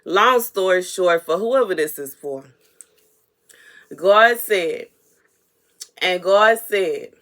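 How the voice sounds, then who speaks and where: A woman's voice: on the low side, a bit bright. A woman delivering an unscripted prophetic message to her viewers, earnest and repetitive, at times emotionally stirred. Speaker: prophetic minister.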